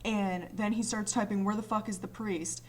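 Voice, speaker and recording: A woman's voice: medium pitch, fairly even intonation, moderate pace. A young woman ranting casually about an online game, exasperated and swearing freely as she retells what others said. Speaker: vlogger.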